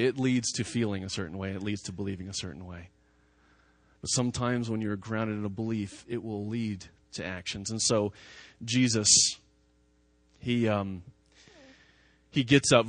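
A male pastor preaches in a relaxed, conversational way, repeating key words for emphasis. His voice sits in a medium register. The recording is dry and close, with no room echo. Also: mid-range voice. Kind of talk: sermon.

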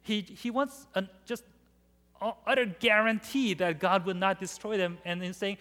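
A man preaching a sermon in an animated way, acting out the scripture he quotes. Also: high-pitched, normal speed. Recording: long hall reverb.

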